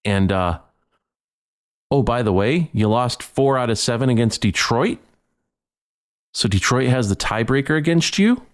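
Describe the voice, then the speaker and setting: A man's voice: mid-range voice, expressive, a little slow, pauses often. A man hosting a solo sports podcast, ranting heatedly and stumbling over repeated words. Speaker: podcast host.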